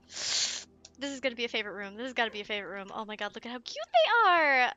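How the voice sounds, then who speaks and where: A woman giving let's play commentary, excitable and giggly, chatting to her viewers and cooing at in-game pets. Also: a little high, a little fast, no echo, dull audio.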